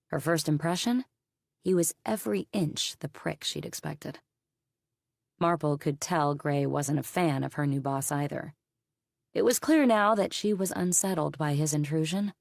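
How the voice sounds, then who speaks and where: A woman narrating a mystery audiobook in a steady, even storytelling manner. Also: low-pitched, vocal fry, dry recording, clean studio sound.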